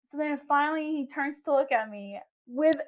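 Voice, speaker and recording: A young woman with a high-pitched voice hosts a podcast at a moderate pace, telling stories in casual chat. She's an animated storyteller who acts out the people she quotes, recorded on a podcast microphone.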